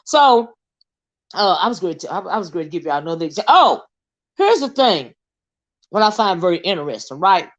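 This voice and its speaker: A woman's voice: on the low side, very animated, brisk, long pauses, lo-fi sound. A middle-aged woman with a Southern American accent, delivering a blunt, confrontational commentary monologue full of "right?" tag questions. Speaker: online commentary host.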